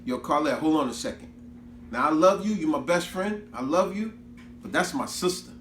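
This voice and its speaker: A man voicing a feisty, fiercely loyal young woman who talks loud, indignant and slangy. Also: a little high, animated, moderate pace. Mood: firmly protective. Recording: roomy echo, faint background noise.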